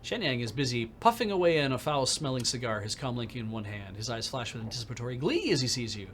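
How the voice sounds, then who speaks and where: A man's voice: medium pitch, sing-song, fast, fairly bright tone, slight background noise. A man streaming a video game who reads the story text aloud and chats casually, thinking aloud as he plays. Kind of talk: let's-play commentary and reading game text aloud.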